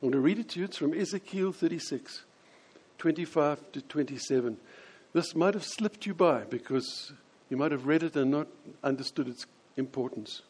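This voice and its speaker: Male preacher, sermon, husky, slightly high voice, animated delivery. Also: moderate pace. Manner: animated, acts out quoted voices.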